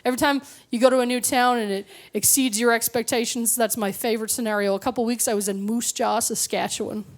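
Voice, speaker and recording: A woman's voice: on the high side, fairly even intonation, fast. A woman performing a stand-up comedy set on a club stage, telling sarcastic stories with acted-out voices. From Canada. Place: comedy club stage before a live audience.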